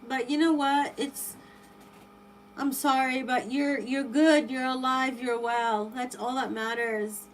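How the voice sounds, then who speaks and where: A woman's voice: high voice, slow, slight background noise, low-quality recording. Chatty, exclaiming woman tarot streamer. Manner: exclaiming, animated and chatty, rambling with many restarts. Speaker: live tarot reader. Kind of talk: live stream chat reading viewer comments.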